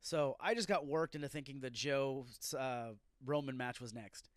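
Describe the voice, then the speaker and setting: A man's voice: mid-range voice, normal speed, dry recording, clean studio sound. A man hosting a solo wrestling review podcast, ranting and swearing as he reacts to a show. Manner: profane, ranting, irritated outbursts. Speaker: podcast host.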